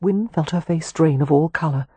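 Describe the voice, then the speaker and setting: Husky woman reading a romance novel. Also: low-pitched, dry recording. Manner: measured, expressive reading. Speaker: audiobook reader. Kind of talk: scripted audiobook narration.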